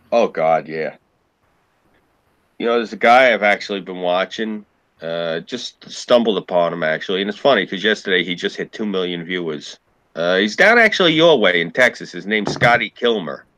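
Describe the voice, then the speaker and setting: A man, his voice pitched slightly low and bright, tells long, rambling stories and swears freely in a casual group chat. The recording is dry and close. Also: animated, moderate pace, no room sound. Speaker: podcast co-host.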